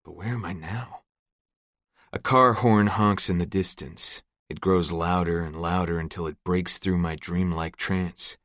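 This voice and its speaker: A man's voice: low voice, steady tone, unhurried, fairly bright tone, no echo. A man narrating a gritty first-person audiobook in a close, scripted read. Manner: gritty, profane storytelling.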